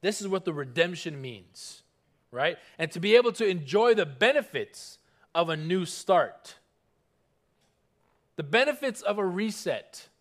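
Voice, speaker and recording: Male pastor, high-pitched voice, earnest emphatic sermon delivery, slows for scripture, call-and-response. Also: sing-song. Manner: slows down on scripture, stressing single words.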